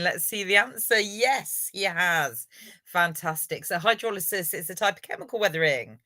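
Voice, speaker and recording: A woman's voice: on the low side, animated, normal speed, pushed and bright, no room sound. A woman hosting a live online revision lesson, encouraging viewers and running a quiz. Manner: encouraging, upbeat, praises viewers.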